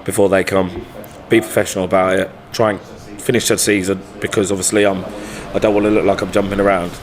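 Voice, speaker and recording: A lowish-voiced man tells career stories as a podcast guest. He talks in a blunt, colloquial way, swearing freely as he chats. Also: level tone, fast talker, crowd noise. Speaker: football manager, podcast guest. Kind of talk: casual storytelling chat.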